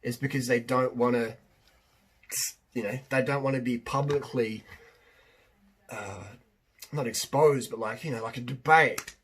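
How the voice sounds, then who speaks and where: Husky man rambling emphatically. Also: medium pitch, steady tone, a little slow, long pauses. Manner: rambling, emphatic, repeats himself. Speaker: fitness coach. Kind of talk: casual monologue.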